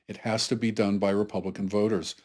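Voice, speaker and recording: Guy from the south doing a political commentary vlog, lowish voice, earnest and chatty, talks straight to viewers. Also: level tone, fast talker, darkish tone. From Atlanta, Georgia, US South. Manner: earnest, conversational, pleading with viewers. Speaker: political commentary channel host. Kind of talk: solo political commentary to camera.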